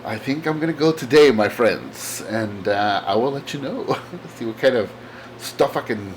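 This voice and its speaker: A man's voice: mid-range voice, animated, moderate pace, noisy background. A man hosting his own comic book channel, chatting casually in a rambling, enthusiastic way with lots of fillers. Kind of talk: casual chat.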